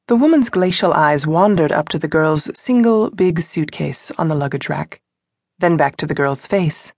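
A woman narrating a mystery novel for an audiobook, with a lowish voice and a measured, even delivery. She is close to the mic, and the studio sound is dry. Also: no echo. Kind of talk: scripted narration.

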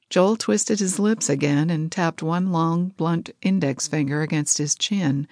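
A woman narrates a romance audiobook at a measured storyteller's pace. Her voice sits on the low side, and the close studio recording is completely dry. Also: a little mellow, dry recording.

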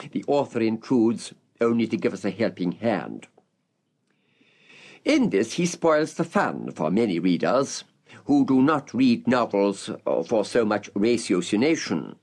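Man narrating with a lively pitch. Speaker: audiobook narrator. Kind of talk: scripted narration of a literary introduction.

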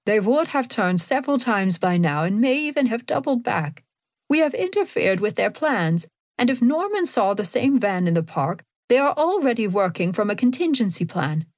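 A woman reading the part of an old woman with a German accent who speaks in a calm, even, measured way. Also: on the high side, no echo.

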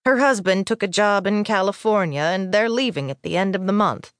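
A woman's voice: medium pitch, a little fast, no echo, clean studio sound, close to an everyday voice. A woman voicing a sullen, reluctant middle-aged female head librarian who speaks in a stiff, grudging way.

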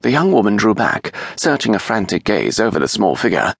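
Deep gravelly male audiobook narrator. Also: very animated, brisk, dry recording, studio quality. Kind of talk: scripted narration of a historical romance.

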